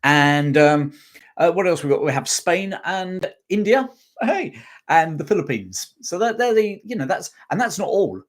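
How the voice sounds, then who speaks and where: A man's voice: a little high, very animated, unhurried. Chatty man hosting a live history stream. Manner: chatty, with many ums and restarts. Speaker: host of a live history chat. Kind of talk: casual live-stream chat reading viewer comments.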